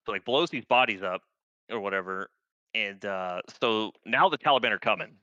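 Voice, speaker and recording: Veteran male guest, 30s, crisp dry close-mic sound, casual profane storyteller. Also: on the low side, moderate pace, pushed and bright, dry recording, dull audio. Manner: laid-back, profane, rambling with many fillers.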